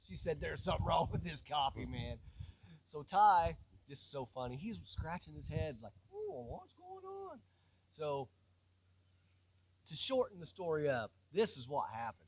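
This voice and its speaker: Man, lively storyteller, a bit high voice, casual outdoor chat, faint insect noise. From southeastern Kentucky. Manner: animated, playful storyteller. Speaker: podcast host.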